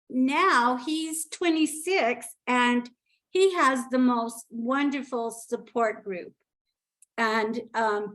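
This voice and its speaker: A middle-aged woman telling a personal story on a video call, heartfelt and open. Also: a little high. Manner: heartfelt, tearful near the end. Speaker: speaker sharing her story.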